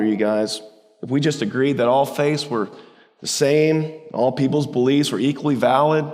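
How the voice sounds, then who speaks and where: A man's voice: medium pitch, darkish tone. A male pastor with a Southern US accent, preaching a sermon with passion and often repeating words as he presses a point. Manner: impassioned, repeats words when pushing a point. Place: church sanctuary. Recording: long hall reverb of a church.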